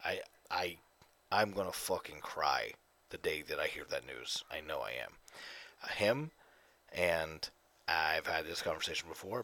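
A man's voice: very deep voice, animated, measured pace, bright, forceful tone. A man hosting his own casual solo podcast, talking close to the mic in profane, rambling rants. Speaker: podcast host. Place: home, evenings. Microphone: close desk mic.

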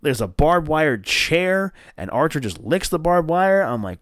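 A man from northern New Jersey hosting a casual wrestling review podcast, rambling and excitable with lots of fillers and swearing. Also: a little high, normal speed, few pauses, dry recording, clean studio sound. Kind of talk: casual solo review show.

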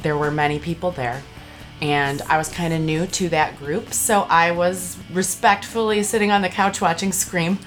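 A woman in her forties, a podcast guest, telling friendly stories in a relaxed way. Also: fairly low pitch, moderate pace, soft background music. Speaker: guest, radio host. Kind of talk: casual chat.

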